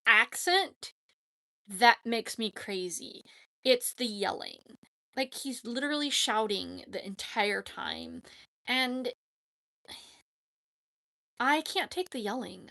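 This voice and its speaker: Woman rambling on a live stream, kinda high voice, says like a lot. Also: creaky, bright, forceful tone. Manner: chatty, rambling, emphatic with frequent "like, seriously". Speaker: YouTube streamer answering chat. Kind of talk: casual live chat.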